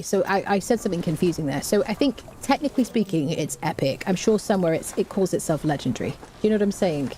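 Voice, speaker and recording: A woman's voice: fairly low pitch, fairly quick, warm tone, a little hiss or hum. A woman chatting casually on a live game stream, reading out chat and humming to herself.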